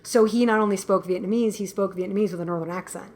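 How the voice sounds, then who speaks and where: A woman guest filmmaker talking in a casual interview, animated and quick to laugh, acting out what people said. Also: mid-range voice. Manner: animated storyteller, laughs often, acts out quotes.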